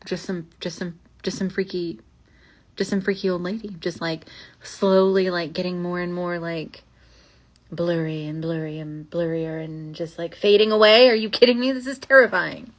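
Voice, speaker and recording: A young woman hosts a podcast of old ghost stories in a slightly low voice. She reads the spooky passages slowly, then drifts into casual, rambling chat packed with fillers and asides. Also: steady tone. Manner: rambling and chatty, many fillers, slows down for spooky lines.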